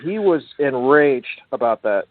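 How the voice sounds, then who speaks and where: Talking about a friend on a casual online show he co-hosts, this man is rambling, profane and sincere. He speaks at a measured pace in an animated, medium-pitched voice, over tinny, dry phone-line audio.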